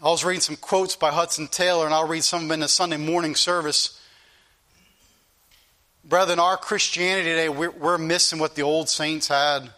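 A man's voice: on the high side, steady tone, normal speed, sharp tone. A male pastor preaching an earnest, repetitive sermon that rises into pleading questions to his congregation.

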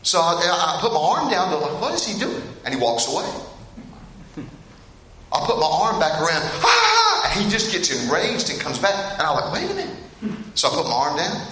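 A middle-aged man preaching a sermon in a church, talking straight to the congregation and telling stories in an animated way that gets him laughing. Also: on the high side, fairly quick. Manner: storytelling, animated and laughing at funny parts; addresses the congregation directly. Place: church hall. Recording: echoey hall with faint room noise.

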